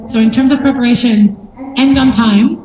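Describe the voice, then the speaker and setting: A woman from the Dominican Republic with a Dominican accent, coaching a workshop class on how to pitch, lively and encouraging. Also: moderate pace, muffled recording. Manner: lively, coaching, mixes in Spanish asides. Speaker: workshop instructor. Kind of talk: lecture on pitching. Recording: echoey room with background noise.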